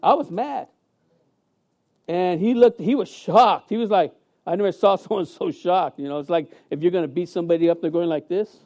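A man preaching a sermon as pastor in a church sanctuary, emphatic and animated, with many fillers and restarts. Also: high voice, a little fast.

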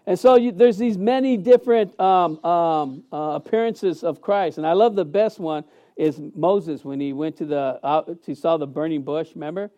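A male pastor preaching in a church sanctuary, his voice pitched high yet dark and mellow in tone. He talks emphatically and with animation, stumbling through fillers and restarts as he goes. The delivery is plain sermon speech.

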